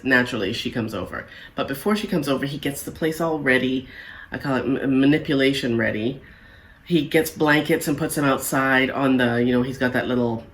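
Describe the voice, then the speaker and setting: Woman, low voice, casual TV recap host, sarcastic, exasperated.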